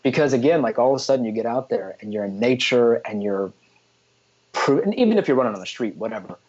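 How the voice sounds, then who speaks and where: A man's voice: medium pitch, fast talker, breathy edge, muffled recording. A man in his forties, a guest on a casual podcast interview, telling stories with lots of energy and salty slang. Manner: energetic storytelling with frequent "freaking" and "man". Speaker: guest photographer.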